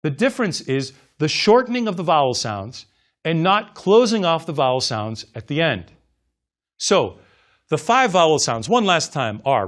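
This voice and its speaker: A man teaching a language lesson in a scripted narration, speaking slowly with careful, exaggerated enunciation for repeat-after-me drills. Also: on the high side.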